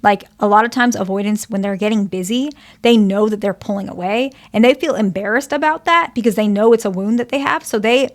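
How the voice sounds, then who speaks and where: A woman therapist explains relationship patterns to the camera in an earnest, patient way. Her voice carries a steady vocal fry at a middle pitch, and she keeps checking in with her listener. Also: brisk, few pauses. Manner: earnest, checks in often with "okay?" and "right?"; explains patiently with example dialogues. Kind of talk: advice monologue to camera.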